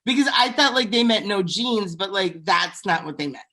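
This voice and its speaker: A young woman on a podcast, gossiping about reality TV in a blunt, animated way. She jumps between her own opinions and quick impressions of other people. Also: medium pitch. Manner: blunt, animated, quotes people in put-on voices. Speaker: podcast co-host. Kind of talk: casual reality TV gossip chat.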